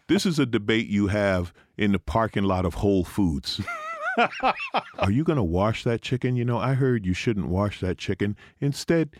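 A radio show co-host, this man riffs through a talk show with teasing, comic opinions and exaggerated stories, mocking as he goes in an animated way. His voice is medium-pitched, with a little hiss or hum on the recording.

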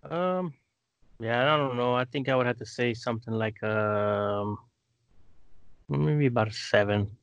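A man's voice: medium pitch, unhurried, long pauses, clean tone, no room sound, dull audio. A man co-hosting a casual podcast with friends, teasing the others. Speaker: podcast co-host. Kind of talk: casual chat among friends.

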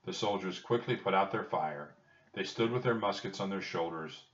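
A man reading a children's storybook aloud in a steady, plain storytelling manner. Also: low-pitched, normal speed. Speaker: narrator. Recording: echoey, distant, dull lo-fi.

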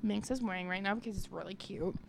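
A woman's voice: medium pitch, fast talker, gravelly. A woman co-hosting a casual chat podcast, bubbly, giggly and playful. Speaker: podcast co-host.

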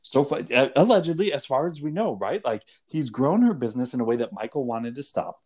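A man's voice: mid-range voice, lively intonation, a little fast, dark tone. A man co-hosting a casual TV recap podcast, arguing his reading of the characters methodically, point by point. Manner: argumentative, lays out points step by step. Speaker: podcast co-host.

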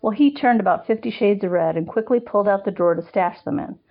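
A woman's voice: medium pitch, quick pace, highs cut off. A woman podcast host reading a first-person story aloud in a conversational, wry storytelling manner.

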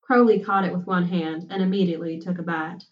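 A woman narrating a story in an even, measured audiobook style. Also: fairly low pitch, roomy sound. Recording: distant, muffled recording.

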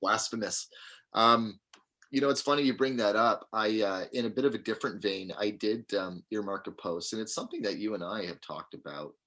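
A man with a fairly low, husky voice, chatting casually as a podcast co-host. He thinks out loud and reads posts aloud in an easy, conversational way. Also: fairly quick. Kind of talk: casual chat.

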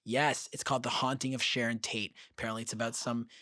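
A young man co-hosting a casual chat, telling animated stories with swearing and acted-out quotes. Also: medium pitch, fast talker, dry recording, clean studio sound. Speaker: podcast co-host.

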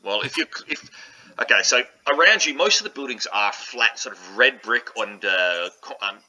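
Animated, bright-voiced male game master. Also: medium pitch, normal speed, husky, highs cut off. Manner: descriptive, animated scene-setting. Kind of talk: narrating a tabletop game.

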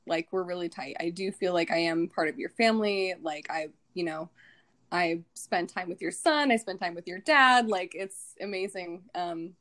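A woman's voice: on the low side, moderate pace, fairly bright tone. A woman in her thirties from the American Midwest, co-hosting a casual podcast, chatty and full of fillers and laughs. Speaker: podcast co-host. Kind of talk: casual chat.

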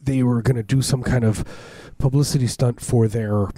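A man's voice: mid-range voice, steady tone, moderate pace, dark tone, slightly rough, no room sound. A man co-hosting a podcast in casual, rambling, jokey chat with frequent restarts. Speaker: podcast co-host.

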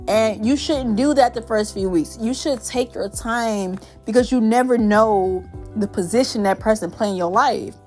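A woman's voice: on the high side, moderate pace, few pauses, a little mellow, soft background music. A young woman talking candidly and at length in a personal podcast monologue, rambling with many fillers.

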